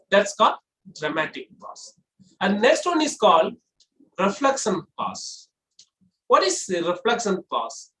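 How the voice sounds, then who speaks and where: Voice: mid-range voice, fairly bright tone, echoey room, rough recording. A trainer giving a classroom lecture on public speaking. The trainer explains step by step and poses rhetorical questions, then answers them.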